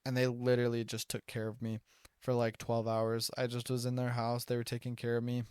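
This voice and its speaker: A young American man tells stories casually on a podcast, chatty and saying "like" constantly. His medium-pitched voice is monotone, a little fast, darkish, clear and resonant. The close podcast mic gives a clean, echo-free studio sound.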